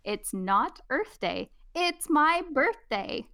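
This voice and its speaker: A woman voicing a silly, boastful young male monkey in a storybook reading, with a high, drawn-out sing-song delivery. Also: big pitch swings, sharp tone, full character voice. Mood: proud.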